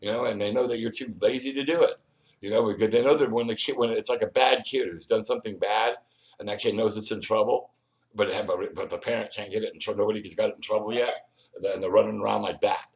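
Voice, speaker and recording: A man's voice: on the low side, fairly even intonation, quick pace. A man hosting his own video, rambling straight at the viewer and often repeating and restarting his words. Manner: confrontational, speaks straight to the viewer. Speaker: video host. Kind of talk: solo vlog monologue.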